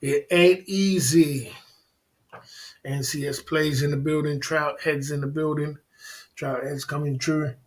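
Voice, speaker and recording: Man, livestream host, slangy banter, keeps laughing, slightly high voice. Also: level tone, normal speed, rough recording. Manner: laughs often, repeats catchphrases, slangy banter. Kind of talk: casual livestream chat.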